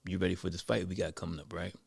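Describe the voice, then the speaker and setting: A man voicing a serious boxing manager, speaking low and measured. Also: flat delivery, vocal fry, darkish tone, breathy edge, no echo, exaggerated voice.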